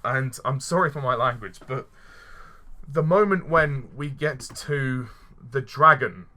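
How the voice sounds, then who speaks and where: A man rants his way through a film review with a bright, forceful voice. He sounds fed up, swears freely and keeps stumbling and restarting his sentences. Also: mid-range voice, a little slow. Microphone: voice-only recording.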